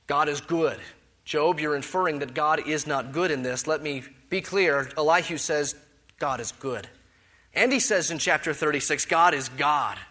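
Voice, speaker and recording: A man delivers an expository sermon in a bright, ringing voice that sits a little high. He presses his points with loud rhetorical questions, then sinks into a soft, reflective tone. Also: moderate pace. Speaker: preacher.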